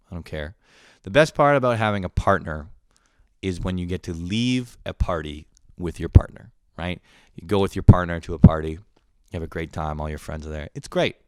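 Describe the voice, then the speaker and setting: A young man with a lowish voice rants through a comedic podcast monologue, cursing freely and mocking himself. His energy jumps into loud outbursts, then sinks into low mutters. The sound is dry and close, with no room around it. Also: smooth, no echo. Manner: profane, irritable, self-mocking. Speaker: podcast host.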